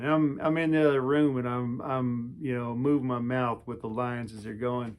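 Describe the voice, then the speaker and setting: A man's voice: medium pitch, level tone, normal speed, few pauses. A man in his forties telling a personal story to camera, casual and rambling, with lots of restarts and fillers.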